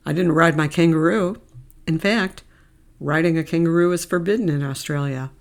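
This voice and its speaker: A woman's voice: sits low, moderate pace, natural voice. A woman voicing an easygoing Australian man who banters and jokes. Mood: friendly, joking.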